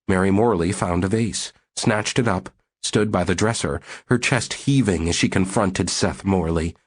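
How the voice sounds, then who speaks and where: A man reading a novel aloud as audiobook narrator in a steady, measured way. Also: low voice. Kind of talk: scripted narration.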